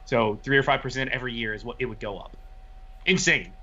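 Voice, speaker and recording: A man talking as a podcast guest, making blunt, quick remarks. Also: medium pitch, sharp tone, dull audio. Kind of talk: casual chat.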